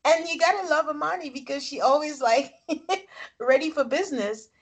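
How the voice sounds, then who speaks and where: A woman co-hosting a podcast, recapping a reality show episode in casual, animated chat. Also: sits high, moderate pace. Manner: animated storytelling, frequent laughs. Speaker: podcast co-host.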